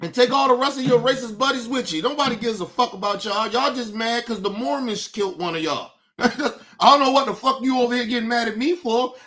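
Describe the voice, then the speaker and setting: A man's voice: very high-pitched, a little fast, hardly any pauses, fairly bright tone. A male streamer hosting his show, ranting in a profane, combative and taunting way. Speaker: host. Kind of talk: livestream commentary rant.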